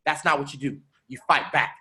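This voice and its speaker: A man giving a motivational talk on a business webinar, preaching, repeating phrases and rising to shouts. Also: mid-range voice, fairly quick. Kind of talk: motivational speech with storytelling.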